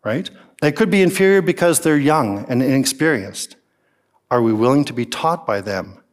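A male pastor preaching a sermon, animated and emphatic, with many rhetorical questions to the congregation. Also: medium pitch, moderate pace.

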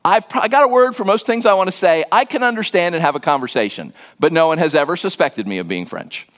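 A man's voice: high-pitched, lively intonation, fast, fairly bright tone. A middle-aged American man preaching a conversational sermon as a pastor, with self-deprecating humor. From United States.

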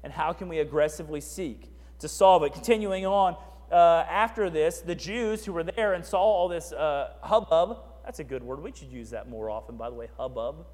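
Pastor, male, high voice, chatty sermon with asides, church hall reverb. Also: brisk, a little mellow. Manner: conversational, asides and repeated "right?".

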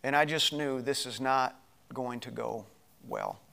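A middle-aged male pastor telling a personal story in a sermon, animated and moving between loud passages and hushed ones. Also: mid-range voice, measured pace, gravelly.

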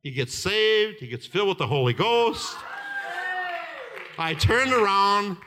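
A man in his seventies preaching a fervent sermon, telling stories with laughter and shouted lines. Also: sits high, sing-song, measured pace, noisy background. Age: 70s. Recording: reverberant hall.

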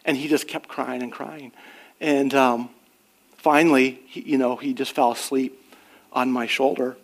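A middle-aged pastor preaches a sermon in an earnest, conversational way, his medium-pitched voice level and unhurried. He rises on emphatic questions and shares personal stories.

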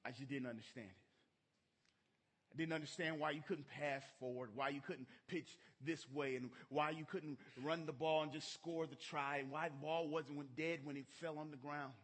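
A man's voice: a little high, steady tone, normal speed, husky. A middle-aged man preaching a sermon in church, telling a story emphatically. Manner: emphatic storytelling, rising to shouts.

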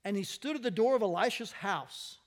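A man's voice: high voice, fairly quick. A man preaching a conversational sermon, telling a Bible story expressively and acting out the people in it.

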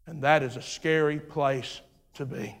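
High-pitched man preaching in a reverberant hall. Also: steady tone, a little slow. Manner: rhythmic preaching, swinging from shouts to low hushed lines. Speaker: pastor. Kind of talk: sermon.

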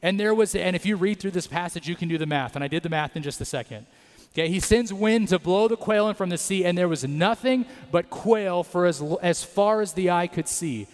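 A man preaching a sermon in a conversational way, dropping in quick tag questions and acting out scripture and God's lines with humor. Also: high voice, long reverb tail. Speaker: pastor.

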